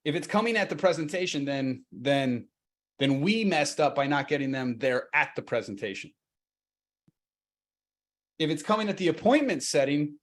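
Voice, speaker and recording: A man leads a sales training webinar in a relaxed, conversational way. His voice sits on the higher side, and he breaks into quick acted exchanges between agent and client to make his points. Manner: energetic, conversational, acts out seller and agent lines. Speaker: real estate sales trainer. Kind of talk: live training webinar talk.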